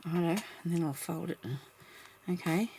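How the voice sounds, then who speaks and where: A woman's voice: fairly low pitch, normal speed, mellow, a little hiss or hum. A woman vlogging as she crafts, chatting casually and thinking aloud, laughing often at herself.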